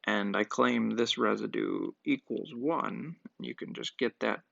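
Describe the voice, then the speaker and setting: Lecturing at a board, a math professor with a lowish, gravelly, slightly bright voice moves at a measured pace through a proof. He reasons aloud step by step with occasional fillers, with no echo and a dull, lo-fi, dry sound.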